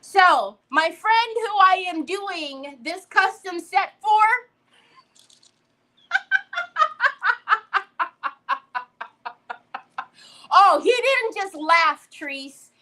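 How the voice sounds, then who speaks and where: A middle-aged woman hosting a crafting livestream, telling a story with animated energy and greeting viewers by name. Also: extremely high pitch, slow pace, hardly any pauses, poor audio.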